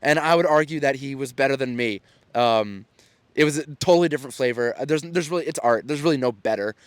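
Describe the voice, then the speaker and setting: A fast-talking man in his thirties, medium-pitched with a clean tone and no echo, hosts his own show alone. The storytelling coach keeps it casual, earnest, and encouraging, while frequently restarting what he's saying.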